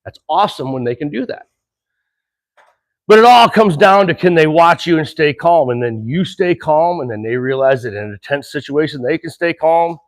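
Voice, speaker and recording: A middle-aged man training horses and explaining as he works, earnest and animated, chuckling between thoughts and slowing down to calm breaths. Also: fairly high pitch. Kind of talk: casual horse-training demonstration.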